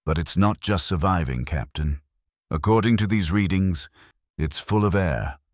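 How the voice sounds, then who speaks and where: A man's voice: sits low, a little slow, dry recording, clean studio sound. A man voicing a young, frightened navy lieutenant who reports sonar readings in a tense, urgent way. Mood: uneasy.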